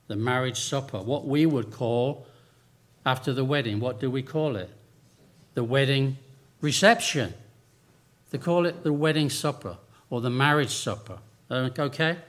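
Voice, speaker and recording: A man preaching a sermon in a lively, conversational way, with humorous asides to his congregation. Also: mid-range voice.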